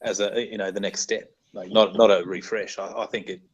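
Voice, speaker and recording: A man's voice: lowish voice, level tone, a little fast, muffled recording, slight background noise. An Australian man co-hosting a gaming podcast, chatting casually and teasing the others with jokes. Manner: joking, teasing. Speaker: podcast co-host.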